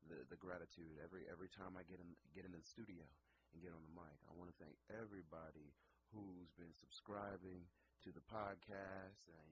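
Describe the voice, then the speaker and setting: A man's voice: sits low, background noise. A man hosting a late-night radio show and podcast, talking casually in a rambling, profane way with lots of fillers, in a studio. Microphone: headphones and studio mic.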